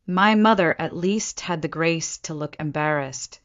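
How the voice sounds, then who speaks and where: A woman narrating a first-person story in a measured storytelling way, on a dull lo-fi recording. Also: low-pitched.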